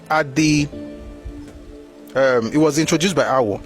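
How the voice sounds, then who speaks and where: A man with a Nigerian accent giving opinionated history commentary, animated and rhetorical, reading passages aloud. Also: a little high.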